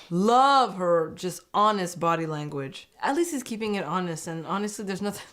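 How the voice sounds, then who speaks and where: A woman recapping a reality show episode in casual reaction commentary, exclaiming and laughing as she goes. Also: fairly low pitch. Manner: animated, exclaiming, quick laughs between remarks.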